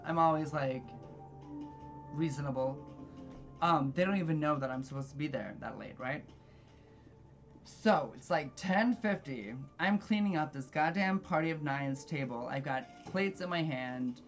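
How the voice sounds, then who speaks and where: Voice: medium pitch, normal speed, dull audio, faint music behind. A gamer telling a long story while playing, rambling and exasperated, swearing freely. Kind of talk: casual storytelling with gameplay.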